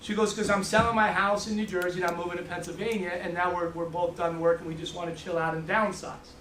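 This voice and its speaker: High-voiced New man, echoey room. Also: fast, far from the mic, a little hiss or hum. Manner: animated storytelling, repeats words. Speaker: financial services trainer. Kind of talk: training talk to a room.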